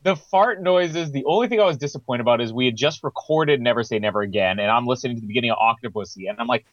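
A man's voice: mid-range voice, fast, no echo, muffled recording. A man co-hosting a podcast in casual chat, telling stories animatedly and laughing often. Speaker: podcast co-host.

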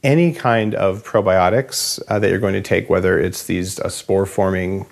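Low gravelly guy hosting a podcast, loose rambly and jokey. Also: fairly even intonation, moderate pace. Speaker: podcast host. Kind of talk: casual interview chat.

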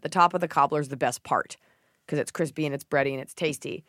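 A woman hosting a podcast, telling stories in a casual comedic chat, swearing and mimicking people in a shrill voice. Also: fast talker, no room sound, clean studio sound. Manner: animated storytelling, swears freely, mimics others in a shrill voice. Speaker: podcast host.

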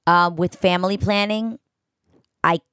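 A young woman with a New York accent, chatting casually as a podcast guest in an animated, rambling way full of restarts. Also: lowish voice, unhurried, smooth, dry recording, studio quality. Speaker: guest co-host.

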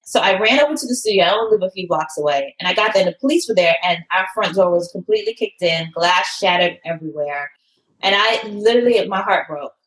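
A woman who owns a fitness studio, telling her story in an interview with emotion and lively quoted voices. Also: lowish voice, fast, reverberant, poor audio. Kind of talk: interview conversation.

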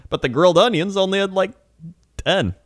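Male co-host, relaxed storyteller, animated delivery. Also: sits high, normal speed, no echo, studio quality. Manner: laid-back, laughs often, acts out people in stories. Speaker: podcast co-host. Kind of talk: casual chat, storytelling.

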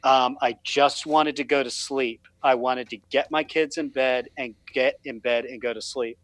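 A man's voice: medium pitch, steady tone, normal speed, fairly bright tone, no echo, rough recording. A man talking on a podcast, telling a fatherhood story in a rambling, self-deprecating way with many restarts. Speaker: podcast guest, fatherhood writer. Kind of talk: casual podcast conversation.

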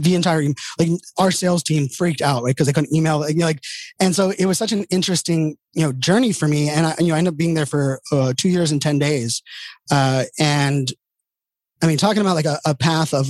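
A middle-aged man tells stories in a loose, conversational way, stringing thoughts together with fillers and restarts. His voice sits slightly high for a man, and the sound is dry with no room echo. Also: darkish tone. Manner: rambling, heavy with fillers and restarts. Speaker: entrepreneur guest. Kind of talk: casual conversational storytelling.

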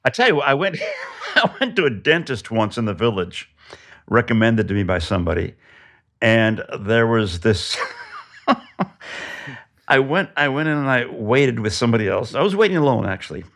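A man's voice: mid-range voice, sing-song, moderate pace, pauses often, a bit bright. A man in casual chat telling a funny anecdote, laughing often as he talks.

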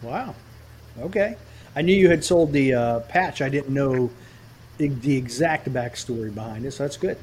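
A man's voice: medium pitch, moderate pace, darkish tone, slight background noise. A man hosting a podcast, giving brief, upbeat reactions in casual chat.

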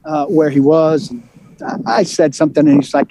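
A man telling a story on a sports talk show, animated and worked up, with quick restarts. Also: on the high side. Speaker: sports reporter and show regular. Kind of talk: casual sports radio talk.

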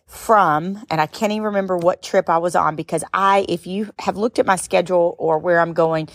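A middle-aged woman hosting a podcast, telling a personal story in an expressive, sometimes tearful way that rises into high exclamations. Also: moderate pace, no echo, clean studio sound. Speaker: podcast host and speaker. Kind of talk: emotional storytelling monologue.

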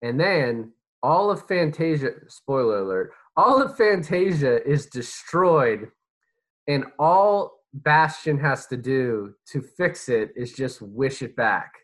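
A man's voice: mid-range voice, expressive, slow pace, a bit bright. A man co-hosting a casual chat about a movie, wry and hesitant, with many fillers. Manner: wry, hesitant, acts out scenes in mock voices. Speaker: podcast co-host.

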